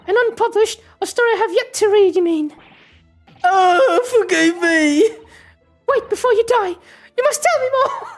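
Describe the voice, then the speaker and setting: Woman voicing an eager high-voiced young assistant. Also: expressive, unhurried, faint music behind. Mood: thrilled. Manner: eager, breathless, high and bright.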